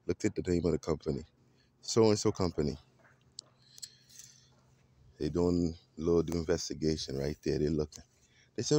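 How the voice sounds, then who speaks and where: A man vlogging a casual, animated story that he retells dramatically and that is full of acted quotes. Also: sits low, normal speed, long pauses, no echo.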